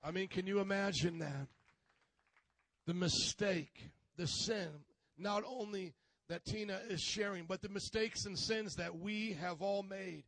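Guy preaching a sermon, pretty high voice, slow and punchy, dry sound. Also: no echo. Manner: slow, emphatic preaching with rising shouts.

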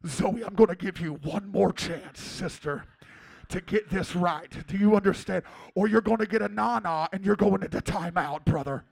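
A man imitating his intense pastor friend with booming, wrestling-promo bravado, a high gravelly voice pushed loud. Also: normal speed. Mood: stern mock.

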